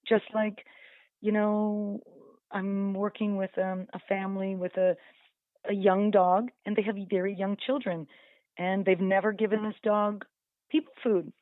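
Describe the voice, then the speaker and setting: A woman's voice: medium pitch, flat delivery, a little slow, no room sound. A woman dog trainer talking casually in a radio interview, chatty and full of "you know", acting out dogs and owners as she explains. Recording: dry tinny phone-like line.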